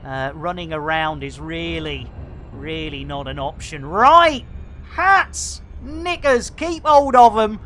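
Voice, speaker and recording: A woman's voice: low-pitched, expressive, slow pace, a little hiss or hum. Exuberant woman in her fifties. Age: 50s. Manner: exuberant, bursts into shouts and banter, catchphrase-heavy. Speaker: game streamer. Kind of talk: live game stream chat.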